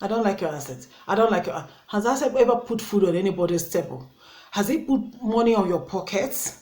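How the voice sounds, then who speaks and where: A woman from Africa, speaking with an African English accent, scolds her critics in an opinion vlog packed with rhetorical questions. Her mid-range, darkish voice has lively intonation and a slightly fast pace, recorded in an echoey room.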